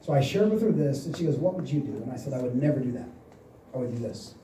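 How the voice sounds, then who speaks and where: The seminar speaker, a man in his forties, has a medium-pitched, mellow voice and talks in an animated way at a quick pace. He tells motivational stories and performs the quoted lines himself; the echoey hall recording has a distant mic and a little hiss or hum.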